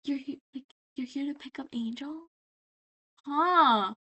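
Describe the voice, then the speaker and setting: A woman's voice: sits high, measured pace, pushed and bright, lo-fi sound, pitched above the performer's own voice, heavily acted. A woman voicing a sleazy, menacing male demon boss who sneers and snaps.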